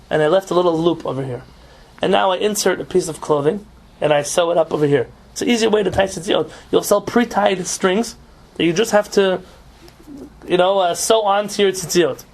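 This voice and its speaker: A man teaching an informal religious law class as rabbi, explaining with rhetorical questions and Hebrew terms. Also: sits high.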